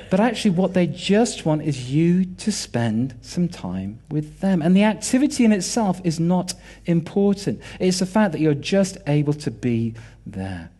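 A British man in his forties gives a sermon, telling personal family stories and acting out quoted dialogue with animation. His voice is a little high and sing-song, warm in tone, and unhurried.

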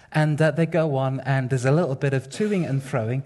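A man preaching a sermon in an animated, wry, conversational way, addressing his congregation. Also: mid-range voice, moderate pace.

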